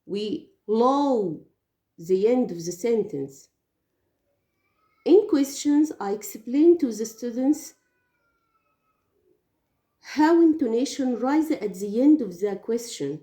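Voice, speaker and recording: A woman's voice: on the high side, expressive, slow pace, long pauses, dark tone. A woman whose first language is Arabic gives English teaching tips, explaining carefully with some hesitations. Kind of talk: teaching tips, spoken lesson. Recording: echoey room.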